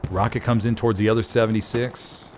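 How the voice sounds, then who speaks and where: Folksy man doing excitable game play-by-play. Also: fast talker, slight background noise. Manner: excitable, folksy, chuckles and rises in pitch at big plays. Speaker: esports caster.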